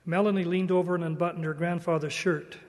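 A man giving a devotional church talk in a slow, earnest, measured way. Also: a little high, fairly even intonation, big-room sound. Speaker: church speaker.

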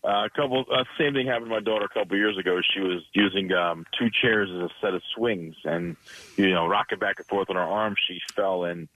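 A man calls into a radio show and tells his story fast, rambling along with plenty of fillers. His voice sits low. The line sounds muffled and dull. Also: fairly bright tone, no room sound. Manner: rambling, fast, full of you-knows. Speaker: caller. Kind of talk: phone-in story.

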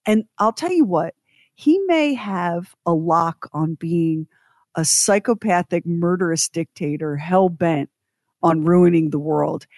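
Woman radio co-host, animated and chatty, dry booth sound. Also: fairly low pitch, dry recording. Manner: chatty, dramatic, laughs often. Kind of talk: casual radio chat.

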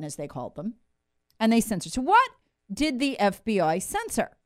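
A woman hosting political commentary in a sarcastic, mocking manner. Her smooth, clear voice sits a bit high and swings all over the place between punchy jabs and quiet asides. The sound is close and completely dry. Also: wildly swooping pitch, fairly quick, no room sound. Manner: sarcastic, mocking impressions of officials.

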